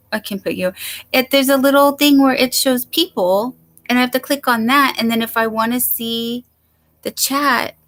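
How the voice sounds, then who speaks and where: A woman's voice: fairly high pitch, fairly bright tone. A woman hosting a casual late-night livestream from home, chatting and rambling as she greets viewers by name. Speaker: livestream host.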